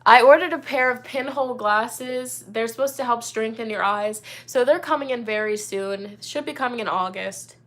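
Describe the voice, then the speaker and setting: A woman's voice: fairly high pitch, moderate pace, hardly any pauses, fairly bright tone. Chatty upbeat woman streaming live. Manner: chatty, upbeat, lots of fillers like "you know" and "like". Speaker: tarot reader hosting a live chat. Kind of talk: casual live-stream chat.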